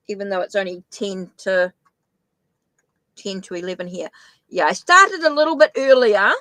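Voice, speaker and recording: A woman's voice: on the high side, fairly bright tone, no room sound, rough recording. A middle-aged woman with a New Zealand accent, chatting her way through a live-streamed tarot reading, thinking aloud with frequent restarts. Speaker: tarot reader.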